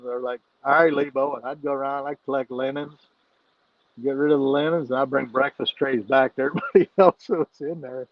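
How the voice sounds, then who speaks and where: Laughing a lot and swearing freely, a man recounts a rowdy story as a guest on a podcast. His voice is medium-pitched, and the audio is dull but free of echo.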